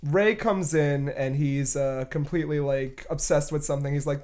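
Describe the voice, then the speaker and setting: A woman's voice: sits low, normal speed, few pauses, a little mellow. A woman in casual conversation, laughing often as she recaps a film scene by scene. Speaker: podcast co-host. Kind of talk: casual movie discussion.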